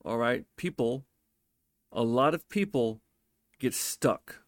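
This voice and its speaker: Taking it slowly, a man relates a personal story in a loose, casual monologue, full of cursing and hard emphasis, animated throughout. His voice sits at a normal middle pitch, recorded close and dry with no room sound.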